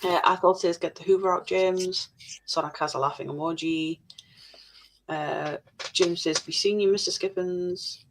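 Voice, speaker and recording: Low-voiced woman reading out chat. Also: fairly even intonation, measured pace. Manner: reads comments aloud, blunt and sweary. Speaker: livestream co-host reading chat comments. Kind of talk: casual livestream chat.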